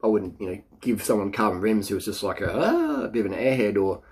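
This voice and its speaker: Blunt man, low voice. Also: huge pitch swings, fast talker, darkish tone. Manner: blunt, boastful, mimics people in a mocking voice. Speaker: cycling vlogger. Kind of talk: casual advice monologue.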